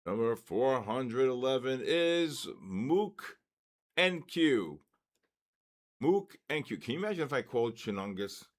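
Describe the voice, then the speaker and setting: A man hosting a trading live stream, calling out giveaway winners in a drawn-out, repetitive way. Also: mid-range voice, sing-song.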